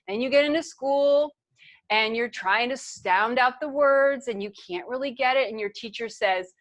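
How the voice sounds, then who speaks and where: A fairly high, somewhat bright female voice at normal speed. She's a guest speaker leading a casual training over a video call, earnest and conversational, often starting sentences again and repeating herself.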